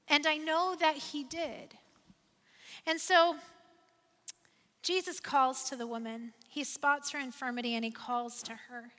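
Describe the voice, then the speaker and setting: A woman's voice: sits high, fairly even intonation, a little slow, pauses often, sharp tone, long reverb tail. A woman pastor preaching a sermon, conversational and personal, building to emphatic repeated refrains.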